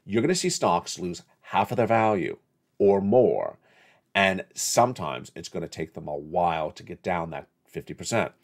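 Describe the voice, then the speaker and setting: A middle-aged man hosting his own channel, giving blunt economic commentary straight to viewers and laughing as he scolds them. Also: low-pitched. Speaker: channel host. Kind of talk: direct-to-camera economic commentary.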